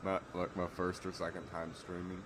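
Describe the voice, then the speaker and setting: A man streams from home and chats casually while he games. He rambles, swears freely, and laughs often in a very deep voice. Faint noise sits behind him. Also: completely flat delivery, normal speed. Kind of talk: casual chat while gaming.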